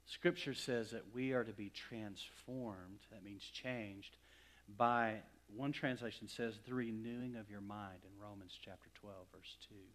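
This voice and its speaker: A middle-aged man from West Texas preaching a sermon, swinging from loud emphatic lines to hushed near-whispers. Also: fairly low pitch, steady tone, unhurried. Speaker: pastor.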